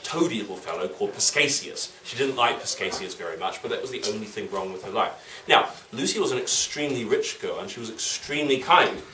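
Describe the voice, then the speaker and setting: A man's voice: lowish voice, expressive, a little fast, sharp tone. A man telling a legend to children, playful and full of questions to his listeners. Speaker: storyteller to children. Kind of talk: lively storytelling for children. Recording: roomy, distant, faint noise.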